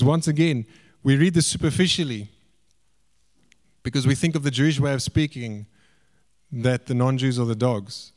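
A man preaching a sermon, swinging between raised, emphatic lines and quiet, hushed asides. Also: medium pitch, moderate pace.

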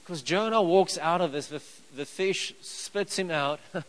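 A man's voice: a little high, moderate pace, a bit bright, rough recording. Conversational male preacher with rhetorical questions. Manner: chuckles while telling the story. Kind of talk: sermon.

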